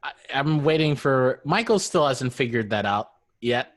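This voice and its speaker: A man's voice: mid-range voice, expressive, a little slow. A man hosting a casual podcast as dungeon master, joking and self-deprecating.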